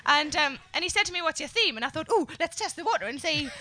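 A woman's voice: high voice, animated, fast talker, bright, forceful tone, slight background noise. A woman comedian chatting as a podcast guest, telling self-deprecating stories. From North East England. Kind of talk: casual chat.

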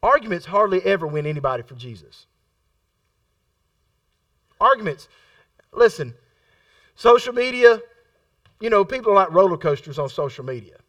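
A man's voice: high voice, very animated, normal speed, long pauses, a bit bright, no room sound, recorded from a distance. A middle-aged man preaching a sermon in a conversational style, repeating phrases for emphasis and acting out the voices in his stories. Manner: acts out quoted voices in his storytelling.

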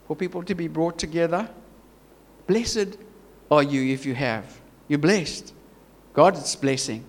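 South African man, pastor, sermon delivery, emphatic with restarts, higher voice, reverberant hall. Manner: earnest, emphatic, stumbling restarts and repetition. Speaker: preacher.

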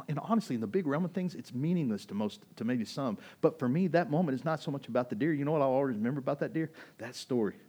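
Man preaching, animated storyteller, goes from quiet to loud, middle-pitched voice. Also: husky. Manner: animated, emphatic storyteller with swings between hushed and loud. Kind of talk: sermon storytelling.

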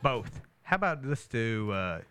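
A man in casual chat among friends, loud and profane, often cutting in with bursts of exclamation. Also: medium pitch, sing-song, measured pace, soft background music.

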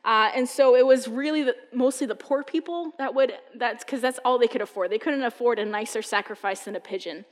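A woman's voice: fairly high pitch, brisk, hardly any pauses, big-room sound. A woman from the US East Coast giving a casual sermon, telling funny stories in a chatty way full of "like". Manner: humorous, chatty storytelling with frequent "like". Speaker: preacher. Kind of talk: conversational sermon.

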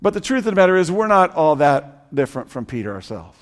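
A man preaching a sermon as pastor, building through repeated phrases and dropping to quiet, drawn-out passages. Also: big pitch swings. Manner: preaching with repetition, swinging between loud emphasis and low quiet passages. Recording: echoey hall.

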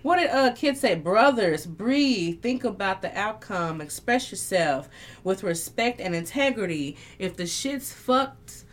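A woman's voice: mid-range voice, animated, measured pace. A woman hosting a casual live-stream talk show, reading viewer comments and speaking candidly and emotionally, swearing freely.

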